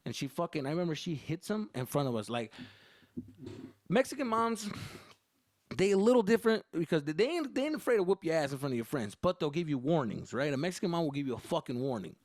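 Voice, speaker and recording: A young man hosting a podcast, telling a comedic story in a profane, animated, loose way. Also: fairly high pitch, quick pace, dry recording. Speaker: podcast host.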